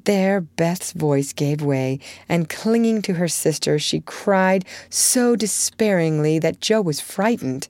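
A woman narrates a classic novel in a measured, storytelling manner. Her voice sits low, close and dry. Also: expressive, a little mellow, no echo. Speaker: audiobook reader.

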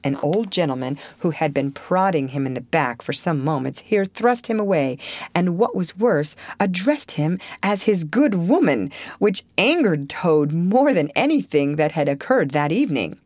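A woman narrating a classic children's story aloud in an expressive reading. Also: lowish voice, moderate pace, no echo. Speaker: audiobook narrator.

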